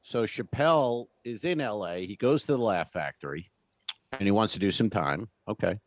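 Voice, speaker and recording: Lively low-voiced man telling stories. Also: normal speed. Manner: animated storyteller, swears freely. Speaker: comedy podcast co-host. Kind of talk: casual storytelling chat.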